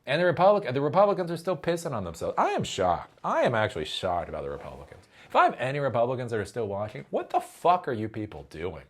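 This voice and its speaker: A man hosting a tech commentary vlog, ranting with a lot of profanity and sudden loud outbursts. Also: medium pitch, wildly swooping pitch, fast, hardly any pauses. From Ohio, US.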